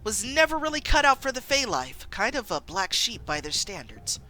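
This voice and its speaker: A woman's voice: a little high, sing-song, moderate pace, sharp tone. A woman voicing a suave, sly wealthy man with a dry, knowing delivery, read aloud from a story game.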